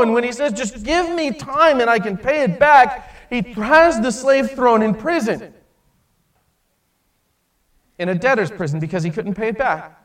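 A man preaching a sermon in an animated way, acting out the voices in his stories and swinging between loud emphasis and hushed moments. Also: very high voice, distant mic.

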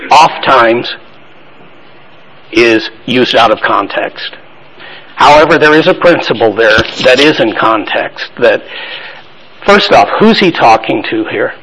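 A man's voice: mid-range voice, a bit bright, slight background noise, low-quality recording. A man teaching a Bible study class in a plain-spoken, conversational way, asking the group questions and affirming their answers.

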